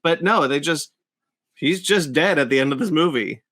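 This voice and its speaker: Bright-voiced animated man. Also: a little high, normal speed. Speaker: podcast co-host. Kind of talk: casual chat.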